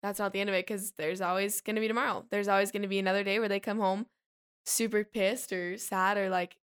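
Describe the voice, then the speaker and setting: Laid-back teenage girl, smooth voice. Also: medium pitch, level tone, quick pace, fairly bright tone. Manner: laid-back, slangy, laughs easily. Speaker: guest. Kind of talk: casual podcast chat.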